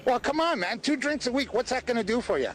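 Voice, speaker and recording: A man's voice: very high-pitched, lively intonation, fast talker. A man from Canada in a street interview clip, blunt and folksy about the topic.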